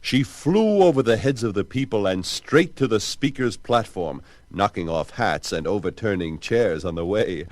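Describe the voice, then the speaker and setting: A man narrating a children's storybook record in an expressive, theatrical way. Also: lowish voice, normal speed, few pauses, dry recording.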